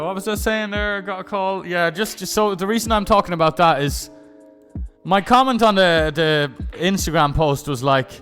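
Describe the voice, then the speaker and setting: A man's voice: sits high, fairly bright tone. A young man live-streaming, telling rambling, profane stories in casual chat and often restarting his sentences.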